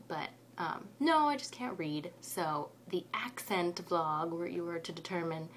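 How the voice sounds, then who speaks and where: Chatty Californian woman, low-ish voice. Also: a little slow, fairly bright tone. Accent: Northern Californian. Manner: chatty, rambling, with frequent ums. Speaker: vlogger. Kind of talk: casual chat.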